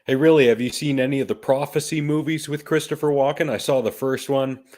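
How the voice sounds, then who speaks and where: A Canadian podcast co-host chats casually, rambling and telling stories in an easygoing way. His medium-pitched, darkish voice moves fairly quickly with fairly even intonation.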